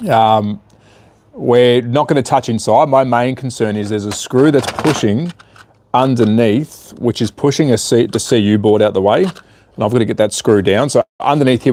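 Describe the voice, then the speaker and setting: A hobby livestreamer with a mellow, fairly low-pitched voice chats casually on a live stream. He's repairing a small device and mutters to himself while he works.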